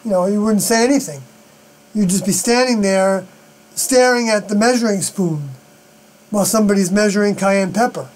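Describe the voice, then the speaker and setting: Halting high-voiced man streaming alone. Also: darkish tone, rough recording. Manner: halting, many fillers and unfinished sentences. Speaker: live stream host. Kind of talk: rambling solo live stream monologue. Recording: mains hum behind the voice.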